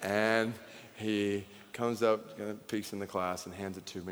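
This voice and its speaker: A man's voice: fairly low pitch, level tone, measured pace, a little hiss or hum. A man preaching a sermon as a pastor, telling a personal story and then building to fervent emphasis. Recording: long hall reverb.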